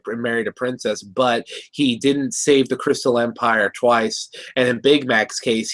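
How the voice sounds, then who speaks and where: A man co-hosting a cartoon review show, talking in an animated, rambling way with many restarts. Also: mid-range voice. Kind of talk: casual review chat.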